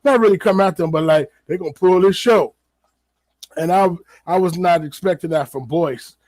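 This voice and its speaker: A man's voice: high voice, moderate pace, darkish tone, no echo. A man hosting a podcast in a casual solo commentary, talking loosely with many fillers and repeated words. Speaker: podcast host.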